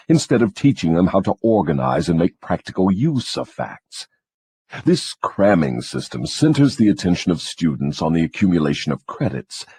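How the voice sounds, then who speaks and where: A man's voice: low-pitched, mellow, husky, no room sound, exaggerated voice. A man voicing a scornful, cunning devil who gloats and lectures in a mocking audiobook dramatization.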